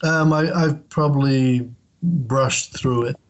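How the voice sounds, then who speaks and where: A man in a relaxed chat about comic books. He speaks haltingly, repeating words as he goes. His audio sounds dull and lo-fi. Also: mid-range voice, slight background noise. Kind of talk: casual comics discussion.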